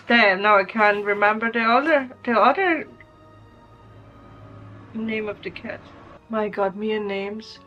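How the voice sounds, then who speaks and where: A woman's voice: mid-range voice, fairly bright tone, muffled recording. A woman vlogger chatting casually through an unboxing, emotional and laughing often.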